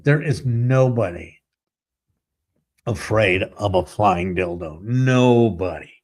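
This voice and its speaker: A man's voice: fairly low pitch, lively intonation, takes it slowly, darkish tone. A man hosting a sports talk show, ranting in a sarcastic, rambling, exasperated way. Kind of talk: ranting commentary.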